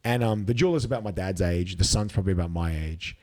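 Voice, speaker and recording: An Australian competitive eater in his thirties tells stories casually, acting out quotes and swearing freely. His voice is low and darkish, and he talks fast.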